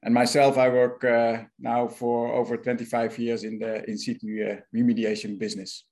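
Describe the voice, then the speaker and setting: Dutch-accented man, halting technical explainer. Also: medium pitch, little pitch movement, darkish tone. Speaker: guest, managing director of a remediation firm. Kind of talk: interview answers.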